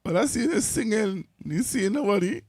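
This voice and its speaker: A man's voice: high-pitched, animated, normal speed, breathy edge, dry recording, studio quality. A Trinidadian man hosting a casual talk show, joking and laughing often as he teases his guest. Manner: jokey, laughs often, teasing. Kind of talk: casual chat.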